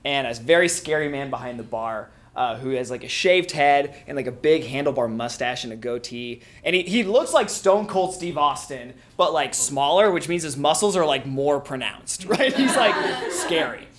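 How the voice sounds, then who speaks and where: A man's voice: medium pitch, lively intonation, moderate pace, hardly any pauses. A man from Missouri telling a funny story on stage, often laughing at his own tale. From Springfield, Missouri. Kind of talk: live comic storytelling.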